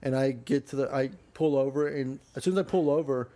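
A man's voice: mid-range voice, fairly quick, warm tone. A man, a podcast guest, telling a crude story in casual chat, swearing freely and laughing along.

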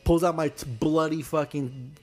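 A man with a fairly high voice tells a long story on a casual podcast. He rambles, swears freely and acts out his own yelps of pain. Faint music plays underneath. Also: steady tone, normal speed, a little mellow. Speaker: podcast co-host.

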